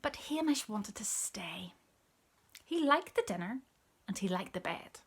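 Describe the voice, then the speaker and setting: A woman reading a picture book aloud, telling the story softly, often in a whisper, and pointing out the pictures. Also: medium pitch, normal speed, breathy edge. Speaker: storybook reader.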